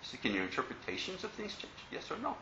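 A man's voice: mid-range voice, huge pitch swings, fast, sharp tone, a little hiss or hum. A man teaching as a Buddhist teacher, giving a playful dharma talk to an audience and asking many rhetorical questions. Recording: roomy, slightly dull recording.

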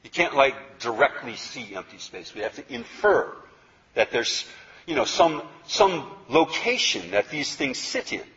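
A man's voice: mid-range voice, big pitch swings, unhurried, a bit bright, dull audio. A man teaching a yoga philosophy class, conversational and repetitive, often checking in with "okay?". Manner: conversational, repeats words, asks "okay?" often. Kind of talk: spoken lecture to a class.

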